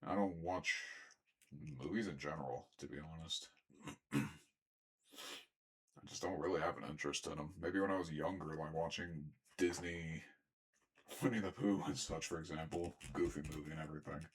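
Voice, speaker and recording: A young man chatting casually as he unboxes and reviews action figures, rambling and often clearing his throat. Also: very deep voice, normal speed. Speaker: toy reviewer.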